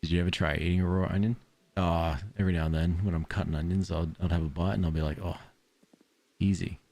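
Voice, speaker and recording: A man's voice: sits low, fairly even intonation, fast, darkish tone, dry recording. An Australian man streaming a game, chatting casually and drifting off into rambling stories. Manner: rambling, tangent-prone storytelling. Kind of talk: casual gameplay commentary.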